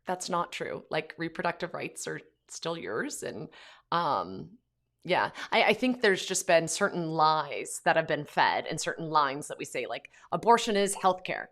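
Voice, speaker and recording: A woman with a notably low voice talks earnestly on her own podcast, loose and conversational. She fills her pauses with ums and likes, and her sentences wander and restart. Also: sing-song, a bit bright. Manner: earnest, conversational, many fillers. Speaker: podcast host. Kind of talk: casual monologue.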